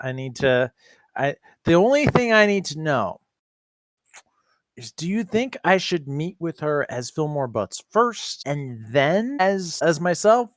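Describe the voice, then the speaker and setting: Animated scheming man playing a tabletop game. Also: on the high side, measured pace, no room sound, studio quality. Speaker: player. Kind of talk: in-character tabletop play.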